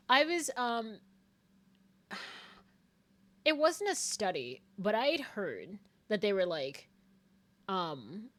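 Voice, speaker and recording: A woman's voice: a little high, very animated, normal speed, fairly bright tone. A young woman streaming a game, chatting casually, laughing often and swearing freely.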